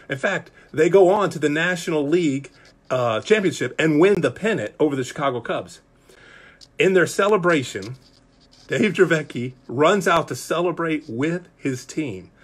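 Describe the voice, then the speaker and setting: A male pastor teaching a Bible study, telling a story in an animated, self-mocking, conversational way. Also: on the high side, breathy edge. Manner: lively, conversational delivery to the group.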